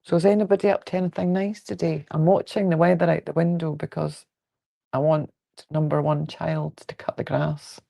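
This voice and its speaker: Speaking from home indoors, a woman with a Fife Scottish accent runs a relaxed quilting livestream, answering viewer comments in a frank, jokey way. Her low voice has a gravelly, creaky edge and a moderate pace, and she rambles comfortably from one thought to the next.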